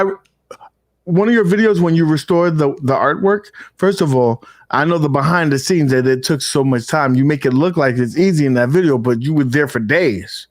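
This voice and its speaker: A man hosting a casual gaming podcast, talking loosely with slang and fillers. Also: fairly high pitch. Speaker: podcast host.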